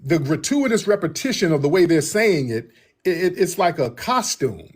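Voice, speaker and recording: A man giving political reaction commentary in an emphatic, animated way, often repeating himself for effect. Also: a little high, normal speed, breathy edge.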